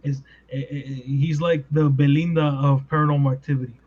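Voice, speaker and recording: A man hosting a podcast in casual chat, animated and full of rhetorical questions. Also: fairly high pitch, a little fast. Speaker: podcast host. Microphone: podcast mic. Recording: dull lo-fi sound.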